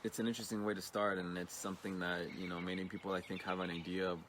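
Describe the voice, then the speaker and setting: An earnest man speaks as a podcast guest, with a very low voice. His delivery is steady and flat as he gives supportive remarks. Faint noise sits behind the recording. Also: quick pace. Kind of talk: casual interview chat.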